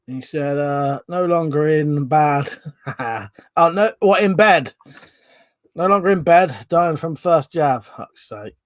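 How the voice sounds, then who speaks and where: Man, live stream host, casual chat, slightly high voice, dry sound. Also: lively intonation, slow, dry recording. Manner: chatty, greets viewers by name, loud greetings then mumbled asides.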